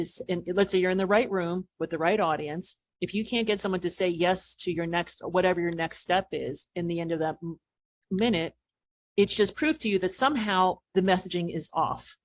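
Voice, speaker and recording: A woman's voice: lowish voice, dry recording. A woman business coach answering as a podcast guest, explaining animatedly and acting out what people say. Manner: animated explaining, acts out quoted remarks.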